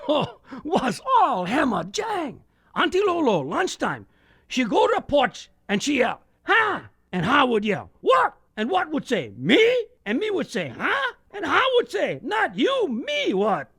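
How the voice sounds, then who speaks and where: A man playing an excitable island senator who tells stories in a Hawaii Pidgin accent, yelling out the quoted calls. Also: extremely high pitch, unhurried, exaggerated voice. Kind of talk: comedy radio sketch.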